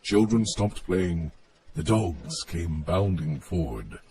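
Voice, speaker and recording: A man narrating a story in a measured, expressive reading voice. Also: low-pitched, a little hiss or hum.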